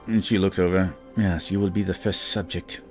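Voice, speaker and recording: A man's voice: sits low, fairly even intonation, moderate pace, faint music behind. A man narrating a tabletop game as game master, describing scenes loosely and with frequent fillers.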